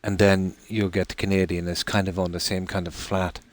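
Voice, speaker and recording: An Irish man streaming a game live, chatting casually in a rambling way with many pauses and restarts. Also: deep voice, level tone. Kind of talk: casual live-stream chat while gaming.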